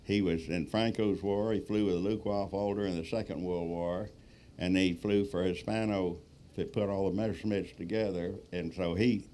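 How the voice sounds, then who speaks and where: A lower-voiced man telling a story in a folksy, rambling way, full of fillers and restarts. He speaks as a guest speaker, with a faint room hum behind him. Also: fairly even intonation, normal speed, dark tone. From Texas. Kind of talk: storytelling talk.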